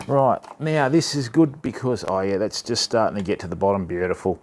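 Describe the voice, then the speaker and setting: A man's voice: fairly low pitch, measured pace, noisy background. A young Australian man streaming live, chatting casually to viewers while demonstrating.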